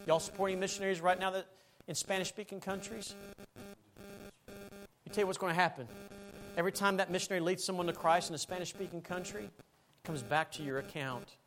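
Man, fervent preacher, altar call, loud to hushed, piano behind. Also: sits high, steady tone, fairly quick, long pauses, rough recording. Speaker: pastor.

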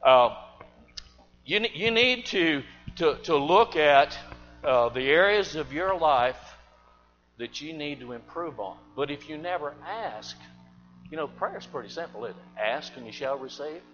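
A man preaching a sermon, telling a folksy story and swinging between loud bursts and hushed asides. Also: fairly high pitch, lively intonation, measured pace. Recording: dull lo-fi church recording with long reverb and faint music.

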